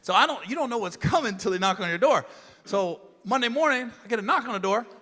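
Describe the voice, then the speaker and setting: A middle-aged man doing a stand-up comedy set, loud and profane, with shouted punchlines. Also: sits high, animated, quick pace. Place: comedy stage before a live audience. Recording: loud crowd and noise of a live club show. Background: audience laughter.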